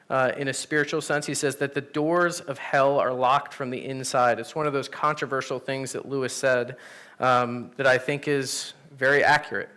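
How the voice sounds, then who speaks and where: A man, a pastor, teaching an adult Sunday class in a church room, telling stories in a casual, animated way. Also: fairly high pitch. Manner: animated, storytelling, conversational with fillers. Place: church classroom with teens present.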